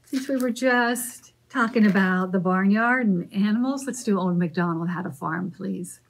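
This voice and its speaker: With a gravelly, mid-range voice and slight background noise, a librarian hosts children's story time. She moves through sung rhymes, a picture book read aloud and animal noises, all in a slow and encouraging sing-song.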